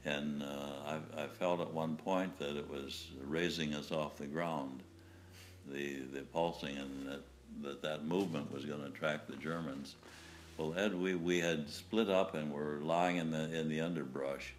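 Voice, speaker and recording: Older male veteran, very low voice, halting storyteller, faint room ambience. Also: fairly even intonation, slight background noise. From United States. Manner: halting, with restarts and chuckles. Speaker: WW2 veteran interviewee. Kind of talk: recounting war memories.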